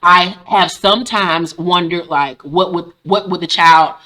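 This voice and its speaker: A woman in her forties recapping a TV episode casually, animated and profane, acting out the characters' lines. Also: fairly low pitch, a little slow. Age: 40s. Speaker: recap host.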